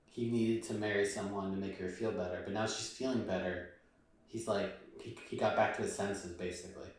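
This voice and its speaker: A man calmly chiming in to explain a movie plot in a relaxed, plain way. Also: lowish voice, a little fast. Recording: very echoey room.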